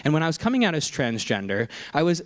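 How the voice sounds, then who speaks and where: A man's voice: a little high, big pitch swings, fast. A young adult man giving a keynote speech, telling a personal story in a humorous, conversational, self-deprecating way. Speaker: keynote speaker.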